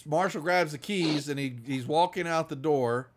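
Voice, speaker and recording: Male game master, casual and rambling, slightly high voice. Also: moderate pace, slight background noise. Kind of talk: running a tabletop game.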